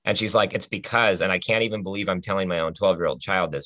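A man's voice: sits low, fast, few pauses, sharp tone, dry recording. A man on a podcast telling a personal faith testimony in an earnest, conversational way, often checking in with the listener.

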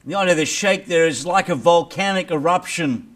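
A man preaching a sermon as pastor, reading scripture and building to loud dramatic peaks before dropping low. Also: fairly quick. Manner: dramatic preaching with big swings in loudness.

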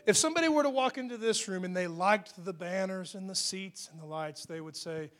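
High-voiced man preaching a lively sermon. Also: fairly quick, few pauses. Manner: conversational preaching with rising emphatic peaks and hushed asides. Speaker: pastor. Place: church hall.

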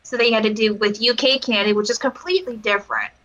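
A woman's voice: on the high side, steady tone, fast, lo-fi sound, background noise. A woman co-hosting a casual podcast, rambling with lots of fillers as she reviews a wrestling match. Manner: rambling, giggly, full of fillers. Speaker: podcast co-host.

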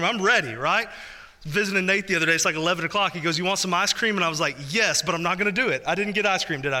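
A man's voice: sits high, pushed and bright. A man in his thirties preaching a sermon as pastor, talking to the congregation in a conversational way with joking asides.

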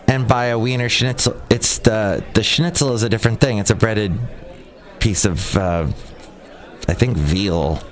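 A man hosts a casual solo podcast, talking outdoors near a cafe at a middle pitch. He rambles, doubles back on his own sentences, and keeps a dry sarcastic edge. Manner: sarcastic, rambling, with frequent restarts. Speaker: podcast host.

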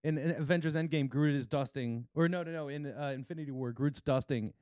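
A man's voice: a little high, a little fast, darkish tone, clear, resonant tone, no echo, clean studio sound. A man co-hosting a podcast in casual chat, laughing often and stumbling over his words. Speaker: podcast co-host.

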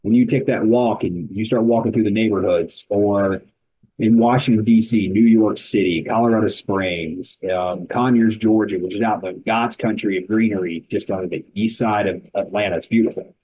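A man speaks as a guest on a casual podcast, telling stories in short, emphatic bursts. His voice is dark and mellow with a husky edge. He sounds energetic and driven. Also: fairly low pitch, normal speed, rough recording. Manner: energetic, emphatic storytelling in short punchy sentences. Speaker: founder of an endurance rucking organization, guest.

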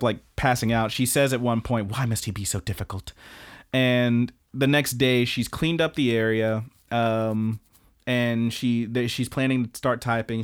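A man in a loose podcast chat, talking through an anime plot with plenty of swearing and quick laughs. His voice sits in an ordinary middle pitch. He rambles and restarts as he goes. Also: clean tone. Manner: rambling, profane, laughs often. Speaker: podcast co-host. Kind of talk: casual recap chat.

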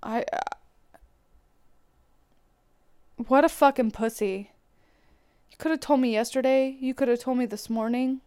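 A woman's voice: sits high, unhurried, long pauses, darkish tone, smooth. A woman host venting bluntly and profanely about a man who let her down, in a confessional rant. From Irish heritage. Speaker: podcast host.

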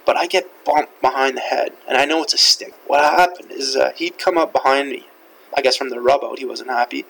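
A man's voice: mid-range voice, brisk, gravelly, a bit bright, slight background noise, rough recording. A young man whose first language is French, hosting a podcast and telling a rambling, profane story full of fillers. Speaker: podcast host. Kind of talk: casual storytelling.

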